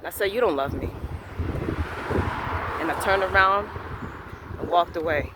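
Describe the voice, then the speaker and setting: A man telling a personal faith story with deep feeling. He acts out the quoted dialogue and moves between quiet, hushed moments and loud outbursts. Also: measured pace, very noisy. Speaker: vlogger sharing a personal faith testimony.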